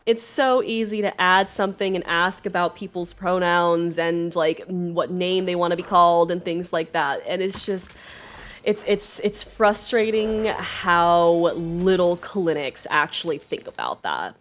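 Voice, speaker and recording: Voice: medium pitch, a little slow, a bit bright. A nonbinary livestreamer chatting casually and earnestly while gaming, rambling with many fillers. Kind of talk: casual chat while playing a game.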